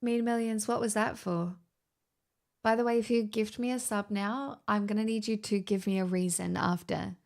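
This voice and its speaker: Australian woman, livestreamer, creaky and gravelly, loose casual delivery with frequent swearing. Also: mid-range voice, fairly even intonation, moderate pace, darkish tone. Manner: chatty, rambling, swears freely. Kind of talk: casual streaming chat.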